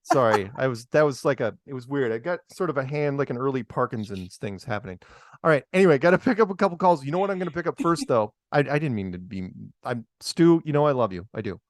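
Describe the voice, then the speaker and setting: A man's voice: mid-range voice, animated, fast, no room sound, studio quality. A middle-aged man hosting a call-in show in a casual, chatty way, laughing often and stumbling over repeated words. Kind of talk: casual radio call-in chat.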